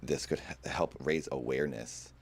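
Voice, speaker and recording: A man recounting a personal story for his vlog, somber and earnest throughout. His voice is extremely deep, sitting far lower than most men's. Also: steady tone, moderate pace, creaky, breathy edge. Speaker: vlogger telling a personal story.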